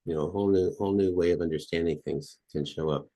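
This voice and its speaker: As a podcast guest expert, this man demonstrates a technique by chanting repeated phrases with rising intensity. His voice sits low and is mellow, with a steady tone and a fast pace.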